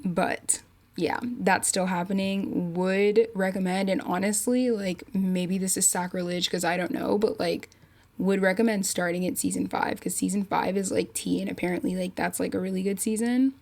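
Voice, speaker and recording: A woman hosting her own podcast, thinking out loud in a rambling, unpolished way full of fillers. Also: medium pitch, steady tone, moderate pace, gravelly. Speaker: podcast host. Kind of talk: casual solo podcast chat.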